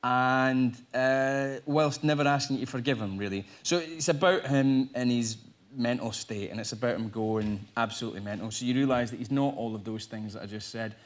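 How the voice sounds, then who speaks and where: A Scottish man, an actor guest on a talk show, chatting and joking with quick, lively storytelling. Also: mid-range voice. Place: TV studio with live audience.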